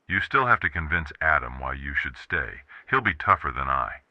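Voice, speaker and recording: A man doing a deep, steady boss on a muffled phone line. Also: no echo, full character voice. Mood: warm. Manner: measured, polite, deep-voiced. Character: calm, firm older male boss on the phone. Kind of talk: audiobook character voice.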